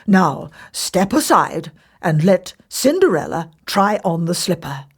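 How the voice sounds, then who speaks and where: A woman voicing a stern, sensible baron, pitching her voice lower and speaking in a measured way. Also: sing-song, slightly rough, full character voice. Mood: sly. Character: gruff, sensible baron, middle-aged man.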